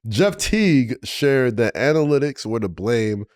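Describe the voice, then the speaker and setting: A man's voice: mid-range voice, big pitch swings, unhurried, darkish tone, no echo, clean studio sound. A man co-hosting a podcast, reading questions aloud in an upbeat casual way. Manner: upbeat, reads prompts aloud. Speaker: podcast co-host.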